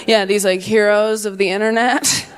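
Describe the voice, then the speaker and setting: A woman in her twenties performing stand-up comedy with a brisk, sarcastic, punchy delivery. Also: medium pitch, steady tone, slight background noise. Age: 20s.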